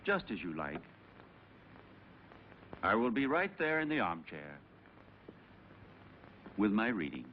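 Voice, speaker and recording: An actor playing a calm, controlling aristocratic husband in dubbed film dialogue, smooth and patronizing. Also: male voice, fairly low pitch, slow pace, long pauses, a little hiss or hum. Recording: dull old film soundtrack.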